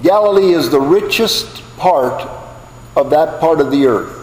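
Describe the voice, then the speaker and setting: A man's voice: fairly high pitch, lively intonation, a little slow, a little mellow. An older man from the United States giving a Bible class lecture, telling stories in a folksy way with asides. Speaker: Bible teacher. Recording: echoey hall, faint background hum.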